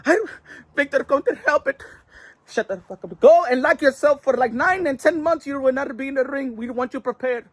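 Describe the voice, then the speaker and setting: A man putting on a bossy, foul-mouthed boxing promoter who shouts orders and curses. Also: extremely high pitch, expressive, brisk, dry recording. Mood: bossy ranting.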